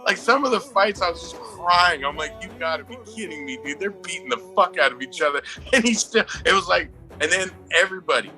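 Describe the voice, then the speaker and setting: A man chatting on a podcast with friends, swearing freely and breaking into laughter as he tells the story. His voice sits a touch high and sounds very bright, with faint music in the background. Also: a little fast, hardly any pauses. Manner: profane, excitable, laughs often while telling. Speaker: movie review podcast co-host. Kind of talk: casual chat.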